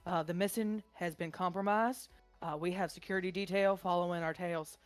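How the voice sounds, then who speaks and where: A woman's voice: on the low side, fairly even intonation, brisk, faint music behind, natural voice. A woman voicing a cyborg crew member barking an abort order. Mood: urgent.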